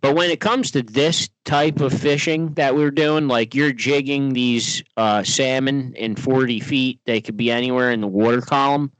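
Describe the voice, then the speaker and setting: Casting male podcast co-host, eager quick talker, dry close-mic sound. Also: medium pitch, fairly even intonation, dry recording, poor audio. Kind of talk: casual chat.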